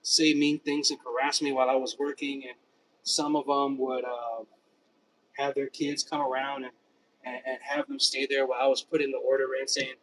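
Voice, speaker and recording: A man's voice: medium pitch, level tone, normal speed. A man telling a personal story in a rambling, repetitive way, often restarting his sentences. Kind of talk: casual personal monologue. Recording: distant mic with faint background noise.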